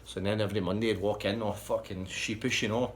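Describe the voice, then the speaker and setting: A Scottish man with a Scottish accent telling a sweary, rambling comic anecdote in a deadpan way. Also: on the low side, fast talker, slight background noise. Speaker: storyteller.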